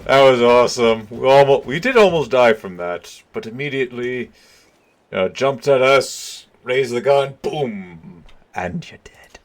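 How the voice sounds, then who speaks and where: A man giving relaxed, chuckling commentary while playing a video game for viewers. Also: mid-range voice, normal speed. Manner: laid-back, chuckling, talking to viewers. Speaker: let's play gamer. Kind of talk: casual gameplay commentary.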